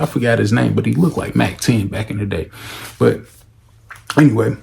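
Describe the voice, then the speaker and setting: A young man from Los Angeles telling a story casually in a slangy, animated way, acting out every voice. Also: medium pitch, normal speed, creaky. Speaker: vlogger.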